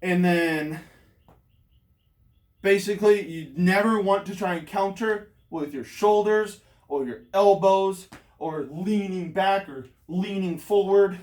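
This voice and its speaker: A high-voiced man with a darkish tone talks slowly, far from the mic in a space with roomy echo. Out of breath, he shows hammer throw technique as he explains it, wandering through his words with lots of fillers.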